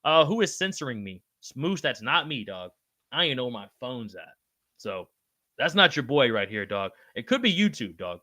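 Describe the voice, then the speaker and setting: A man's voice: moderate pace, no echo, clean studio sound. A man hosting a livestream, chatting casually and swearing freely as he reads and answers viewer comments by name. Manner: pitch jumps high when excited. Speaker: livestream show host.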